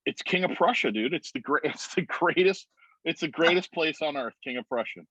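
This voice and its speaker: A man on a video call, telling a story in a rambling, animated way full of "like"s. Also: a little high, a little fast, breathy edge, no echo. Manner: rambling, animated retelling with many "like"s. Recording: muffled video-call audio.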